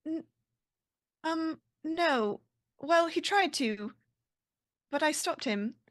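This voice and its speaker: A woman playing her character in a tabletop game, speaking hesitantly with many pauses and fillers. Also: sits high, lively intonation. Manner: hesitant, lots of ums, careful phrasing. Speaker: player.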